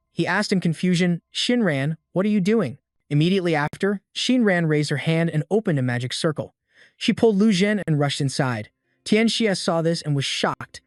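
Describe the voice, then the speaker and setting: Guy narrating a comic recap, even and steady, bit high pitched, dry close mic. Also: dry recording. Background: faint background music.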